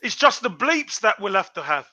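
A man's voice: high-pitched, big pitch swings, normal speed, sharp tone, soft background music. A man from Brixton, teasing his co-hosts in laid-back podcast banter. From Brixton, South London. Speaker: podcast co-host. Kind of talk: casual banter.

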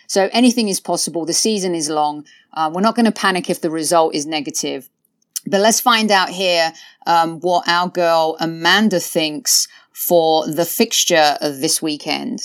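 A woman's voice: deep voice, normal speed, no echo, studio quality. A woman hosting a football podcast, chatting casually with many fillers like "uh" and "you know". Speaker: podcast host.

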